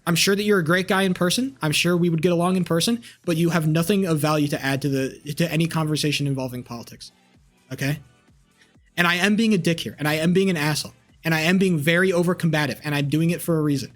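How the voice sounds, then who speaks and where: High-voiced combative streamer. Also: male voice, fast, soft background music. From United States. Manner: combative, profane, talks back to chat. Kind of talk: live-stream political rant.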